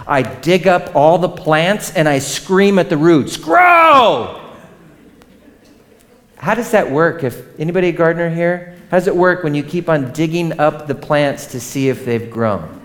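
A man in his thirties preaching a sermon, conversational and animated, often turning to ask the congregation questions. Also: on the high side, normal speed, hardly any pauses. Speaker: pastor.

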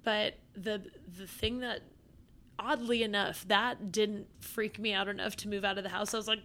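A woman guest on a podcast telling a story in casual chat, animated and profane, with lots of fillers. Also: medium pitch, normal speed.

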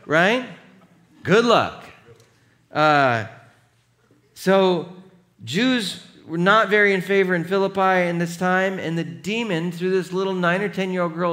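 A man preaching a sermon as pastor, animated and emphatic, and rallying the congregation. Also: sits high, measured pace.

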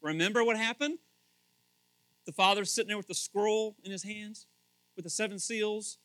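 A man preaching a casual, conversational sermon as pastor, animated and questioning his listeners. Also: high-pitched, normal speed, dry recording, rough recording. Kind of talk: casual sermon, Bible teaching.

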